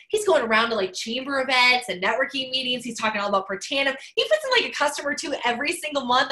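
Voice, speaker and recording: A woman's voice: fairly high pitch, sharp tone, low-quality recording. A woman in her forties giving an emphatic motivational talk, driving points home by repeating key phrases. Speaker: motivational speaker.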